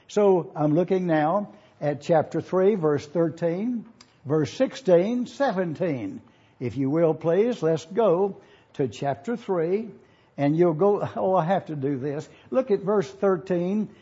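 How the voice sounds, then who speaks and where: A man's voice: high-pitched, warm tone, breathy edge, muffled recording. A man preaching a sermon in an auditorium, teaching and asking listeners to follow along in their Bibles.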